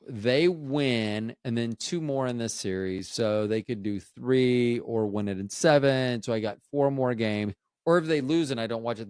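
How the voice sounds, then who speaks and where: Podcast host, man in his fifties, rambling and self-interrupting, jokey, mid-pitched, dry close sound. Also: no room sound. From Tampa Bay, Florida, USA. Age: 50s. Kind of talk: casual solo chat.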